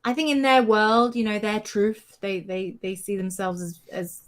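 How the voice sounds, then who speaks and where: A woman from the UK co-hosting a podcast in casual chat, quick and questioning, laughing easily. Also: mid-range voice, fairly even intonation. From United Kingdom. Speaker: podcast co-host.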